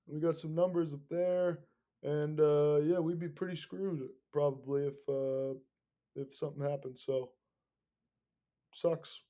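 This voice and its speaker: A man's voice: fairly high pitch, steady tone, warm tone, close to an everyday voice. A man mimicking a hesitant, mumbling tech speaker. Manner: halting, filler-heavy mumble.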